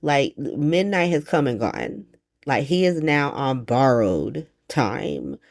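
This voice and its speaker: A woman recapping a soap opera in a casual vlog, talking in a slangy, profane, animated way. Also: extremely low pitch, slow, vocal fry.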